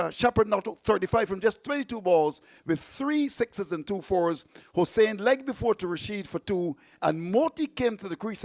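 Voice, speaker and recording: A man's voice: sits high, dry recording. A man hosting live radio cricket commentary, chatty and playful, reading out the scorecard with stumbles.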